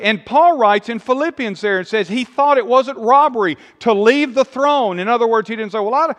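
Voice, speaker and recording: Preacher, male, high voice, emphatic and repetitive, echoing hall. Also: moderate pace, few pauses, fairly bright tone. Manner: emphatic, rising and falling delivery with repeated phrases. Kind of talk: sermon.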